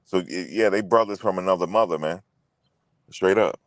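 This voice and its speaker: A low-pitched man hosts a casual sports show at a normal speed, captured in a dry recording. He stays loose and profane, says things more than once, and speaks straight to viewers.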